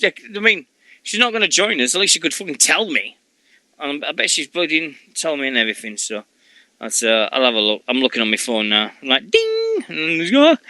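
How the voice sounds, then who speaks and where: A man's voice: a little high, bright, forceful tone, no echo. A middle-aged man hosting a wrestling radio show, rambling and jokey in casual chat, swearing freely.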